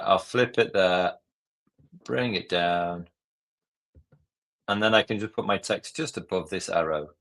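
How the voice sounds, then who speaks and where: A man's voice: low voice, a bit bright. A man from Northern Ireland leading a live online design lesson in a casual, chatty way, thinking aloud as he works. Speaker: tutor.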